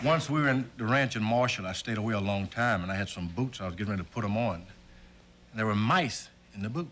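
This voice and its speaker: A man's voice: fairly low pitch, lively intonation, fast, a bit bright, slight background noise. A man telling anecdotes as a talk show guest, chuckling and acting out the voices he quotes. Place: TV studio.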